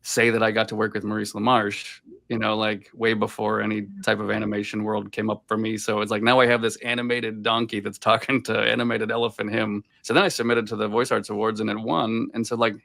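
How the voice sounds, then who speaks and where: A man's voice: fairly low pitch, level tone, fairly quick, creaky, hardly any pauses, fairly bright tone. A man from Boston, a voice actor guest, telling rambling anecdotes in a casual interview over a video call. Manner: rambling anecdotes full of filler "like".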